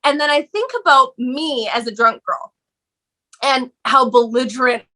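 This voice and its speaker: A woman guest on a podcast, telling her story candidly in an animated way, swearing casually and laughing often. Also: sits high, measured pace.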